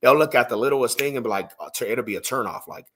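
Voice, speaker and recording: A man's voice: medium pitch, fast, sharp tone, husky. A man from Denver telling street stories in a casual podcast chat, slangy and rambling, full of "bro" and "homie". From Denver, Colorado.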